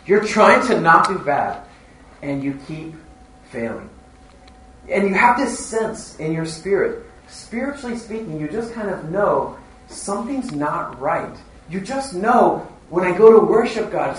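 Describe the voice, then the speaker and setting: A man's voice: sits high, big pitch swings, a little slow, fairly bright tone, a little hiss or hum. A man preaching a sermon in an earnest manner, driving points home through repetition. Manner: earnest, repetitive emphasis, rising and falling delivery. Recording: roomy echo, heard from a distance, faint ambience.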